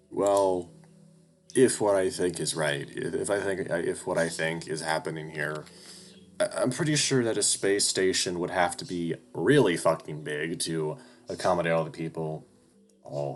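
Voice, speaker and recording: Deep-voiced young man narrating a game. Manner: casual, rambling, swears. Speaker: game streamer. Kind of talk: narrating a visual novel playthrough.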